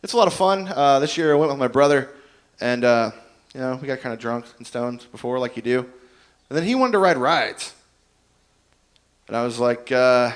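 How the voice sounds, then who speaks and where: A man's voice: medium pitch, fairly quick. Rambling stand-up comic man. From Indiana. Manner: rambling, self-deprecating storytelling with many fillers. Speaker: stand-up comedian. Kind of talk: open-mic stand-up set.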